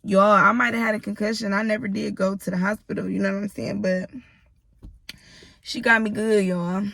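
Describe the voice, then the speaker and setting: A woman's voice: mid-range voice, flat delivery, normal speed, gravelly, a bit bright, no echo. A woman in her thirties telling a personal story to her viewers in a blunt, profane, casual way, often turning to address them directly. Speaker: storytime vlogger.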